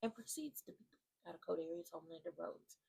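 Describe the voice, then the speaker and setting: A woman giving an animated, slangy rant that recaps a wrestling show, with emphatic asides to her viewers. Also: on the low side, quick pace, vocal fry, slightly rough. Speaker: wrestling commentary vlogger. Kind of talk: casual ranting recap.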